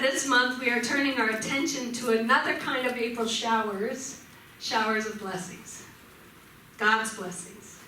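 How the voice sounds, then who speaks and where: A woman minister giving a gentle sermon in a church, telling stories and voicing shouts vividly. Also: fairly high pitch, a little hiss or hum. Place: church sanctuary. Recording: echoey church hall from far off.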